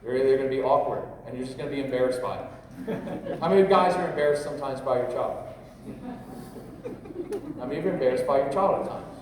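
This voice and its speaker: A man's voice: mid-range voice, quick pace, long pauses. A middle-aged man giving a humorous, rambling parenting workshop to a live audience, joking and talking straight to the crowd. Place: large convention hall. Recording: echoey hall, voice from a distance, faint noise.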